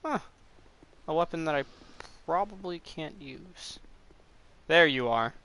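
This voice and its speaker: A man's voice: fairly high pitch, lively intonation, slow pace, pushed and bright, slight background noise. A young man giving casual, rambling commentary as he plays a game, cursing at it now and then. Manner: rambling, swears at the game, breaks into frustrated outbursts. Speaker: gameplay commentator. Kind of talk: casual let's play commentary.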